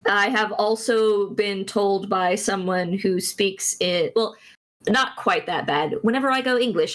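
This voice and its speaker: A woman's voice: mid-range voice, unhurried, fairly bright tone. A woman, streaming and chatting casually, rambling with many restarts and giggles.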